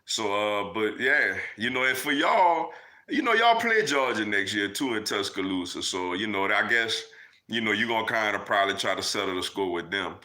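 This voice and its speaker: A man's voice: lowish voice, lively intonation, normal speed, pushed and bright. A young man hosting a casual live Q&A, reading viewer comments and chatting loosely, with lots of "man" and "yo". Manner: loose and conversational, many fillers like "man" and "yo". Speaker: livestream host answering chat.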